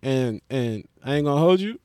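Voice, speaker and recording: A man rambles through a loose, joking monologue, dropping slang and curses and wandering off on tangents. His voice sits in an ordinary middle pitch, and the recording is close and dry with no room sound. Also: lively intonation, moderate pace, a little mellow, clean tone, dry recording. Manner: profane, joking, slangy and digressive. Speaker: vlogger reviewing a movie.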